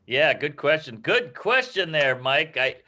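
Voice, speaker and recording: A man's voice: medium pitch, sing-song, takes it slowly, sharp tone. A man, a stand-up comedian, giving brash, self-mocking advice to a class in casual, profane chat. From New York. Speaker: guest comedian.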